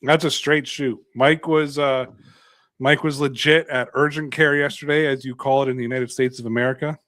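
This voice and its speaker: A man's voice: medium pitch, steady tone, normal speed, a bit bright, no room sound. A man from Canada co-hosting a sports podcast, talking in a sarcastic, ranting, jokey way. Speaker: podcast co-host. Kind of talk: casual chat.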